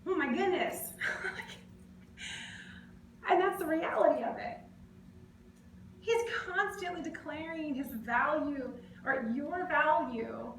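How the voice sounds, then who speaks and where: A woman giving a casual, conversational sermon in a church, animated and playfully acting out other people's voices. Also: sits high, slow, long pauses. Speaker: preacher. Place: church sanctuary. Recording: echoey church room, faint noise.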